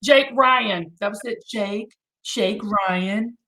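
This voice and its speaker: A woman's voice: medium pitch, takes it slowly, pushed and bright. A middle-aged woman hosting a casual live chat, gushing and exclamatory, now and then breaking into song. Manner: gushing, exclamatory, bursts into singing. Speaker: host.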